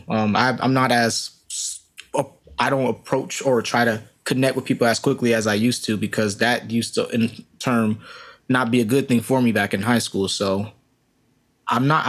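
A young man tells a story in relaxed podcast chat. He laughs easily and acts out other people's lines as he goes. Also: mid-range voice. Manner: animated storyteller, laughs often, acts out quotes.

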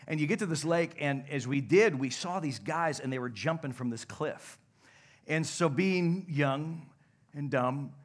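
A young adult male pastor preaching a sermon, telling stories animatedly and dropping to a hush at points. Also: fairly high pitch. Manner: animated, shouts and laughs in stories, drops to a hush. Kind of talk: sermon with storytelling. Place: church sanctuary.

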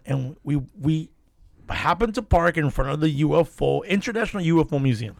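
A man's voice: fairly high pitch, lively intonation, brisk, vocal fry, no room sound, clean studio sound. A man co-hosting a casual podcast chat, telling stories with lots of swearing and laughter. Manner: profane, storytelling, laughs often. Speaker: podcast co-host.

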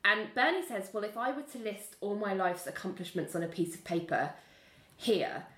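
A woman casually chatting as a podcast co-host, animatedly retelling scenes and acting out characters' lines in quick voices. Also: medium pitch, lively intonation, a bit bright, echoey room. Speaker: podcast co-host recapping a TV series. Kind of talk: casual chat.

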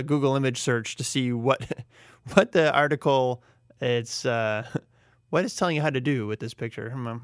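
A man's voice: mid-range voice, a bit bright, clean tone, no room sound. Male podcast host, loose and wry, self-deprecating, recorded dry and close. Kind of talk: casual solo podcast talk.

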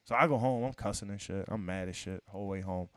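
A man telling a long story in casual chat, profane and animated, acting out what people said to him. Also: sits low, quick pace, no echo.

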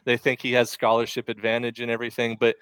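A man's voice: medium pitch, monotone, fast talker, a bit bright, clean tone, no room sound. A man co-hosting a casual sports podcast, easygoing and jokey, asking his partners questions. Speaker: podcast co-host.

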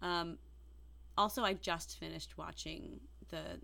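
A woman co-hosting a podcast in casual chat, giggly and animated, often acting out quoted lines. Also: lowish voice, slow pace, gravelly. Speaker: podcast co-host.

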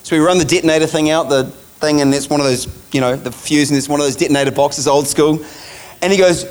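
A man's voice: fairly high pitch, fairly even intonation, fast. A man preaching a sermon, telling a vision story in a casual, chatty way and laughing along.

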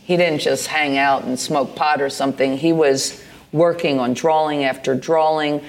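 A woman's voice: low voice, steady tone, moderate pace. Woman in her sixties, stage interview guest, rambling hesitant storyteller at a venue microphone. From United States. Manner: meandering storyteller, hesitant with many fillers and restarts. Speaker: interview guest, poet and artist. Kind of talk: live on-stage conversation, storytelling. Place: live venue stage with an audience.

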